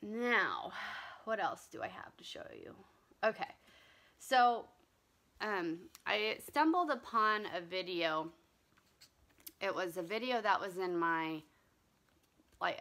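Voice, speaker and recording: A woman chats casually in a slow, unhurried vlog. Her voice sits a little low but sounds bright and forward. She rambles with plenty of ums and restarts. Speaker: cross-stitch vlogger. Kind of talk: casual chat.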